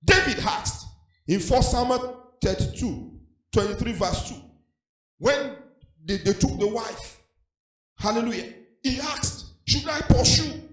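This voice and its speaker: A man's voice: extremely high pitch, takes it slowly, long pauses. A man preaching a sermon as pastor, in a sing-song cadence sprinkled with hallelujahs. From Nigeria. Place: church hall. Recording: echoey church hall with faint music.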